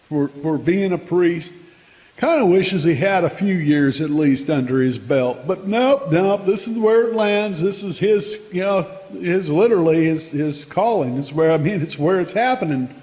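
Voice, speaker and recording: A man's voice: sits high, darkish tone, in a large hall, poor audio. A man humorously retelling a horror film, rambling and breaking into giggles as he goes. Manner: rambling, giggly storytelling with many restarts. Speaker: comedic movie recapper.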